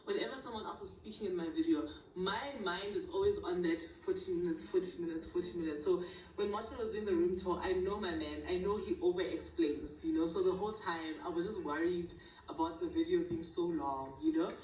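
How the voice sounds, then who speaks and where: A woman's voice: lowish voice, a little fast, darkish tone, a little hiss or hum. A woman chatting playfully as a vlogger, with laughing asides. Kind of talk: casual vlog chat. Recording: roomy, from far off the mic.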